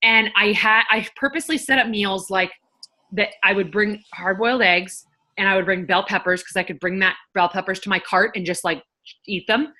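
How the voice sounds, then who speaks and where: A woman's voice: medium pitch, fairly even intonation, normal speed, pushed and bright. A woman who works as a nurse and health coach, talking frankly and chattily to her viewers, with the odd casual swear. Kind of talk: casual talk to camera.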